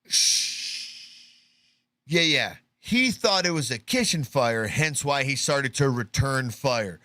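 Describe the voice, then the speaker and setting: A man's voice: mid-range voice, expressive, measured pace, bright, forceful tone, no echo. A man hosting a live show, sarcastically commenting on news clips and acting them out in mock voices. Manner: sarcastic, mocking, puts on voices to act out clips.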